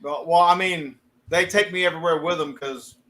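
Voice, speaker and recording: High-voiced man joking as a guest. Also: fairly even intonation, moderate pace, a bit bright. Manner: easygoing, tells funny anecdotes. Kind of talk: casual chat.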